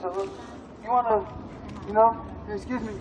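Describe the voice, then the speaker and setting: A man's voice: high-pitched, steady tone, measured pace. A man organizing a protest, addressing a crowd in a park in an emphatic, streetwise, profane way. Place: outdoors in a park. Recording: muffled street recording.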